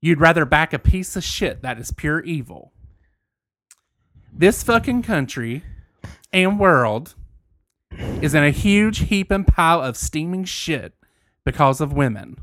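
A man's voice: fairly high pitch, sing-song, a little slow, pauses often, a bit bright, no echo, studio quality. A man reading out an angry right-wing woman's post in a put-on country voice, crude and furious. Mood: angry rant.

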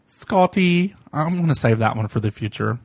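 A man's voice: on the high side, lively intonation, normal speed, vocal fry. A man hosting a podcast in casual chat, giggly and swearing freely. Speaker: podcast host.

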